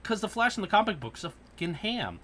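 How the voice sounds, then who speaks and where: Podcast host, male, bright voice, lively swings in pitch, profane ranting storyteller. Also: brisk, a little hiss or hum. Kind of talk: casual podcast chat.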